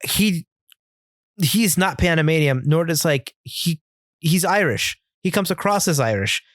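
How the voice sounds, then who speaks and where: A man's voice: fairly high pitch, animated, fairly bright tone, dry recording, studio quality. A man co-hosting a film podcast, talking casually and bluntly about what he disliked, with frequent restarts. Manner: opinionated, critical, halting restarts. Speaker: podcast co-host.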